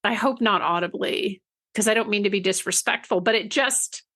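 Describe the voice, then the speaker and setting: A woman telling an anecdote in casual podcast talk, chatty and animated, often laughing between phrases. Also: mid-range voice, moderate pace. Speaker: book marketing guest.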